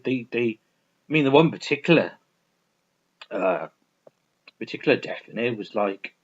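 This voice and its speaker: A man talks through his favourite films in a loose, rambling way, restarting often and swearing now and then. His pitch moves a lot, rising and falling with his enthusiasm. The recording sounds dull and lo-fi. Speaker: film reviewer. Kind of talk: casual film review vlog.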